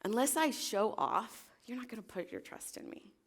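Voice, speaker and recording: A woman's voice: on the high side, animated, normal speed, breathy edge. A woman preaching a casual, conversational sermon in a church service. She is chatty and self-deprecating and keeps asking the congregation questions.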